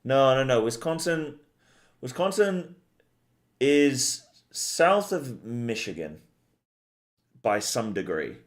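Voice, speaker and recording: A man's voice: mid-range voice, big pitch swings, slow pace, pauses often. Tired, rambling streamer man. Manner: rambling and chatty, swears casually. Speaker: game streamer. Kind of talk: casual stream chat with viewers.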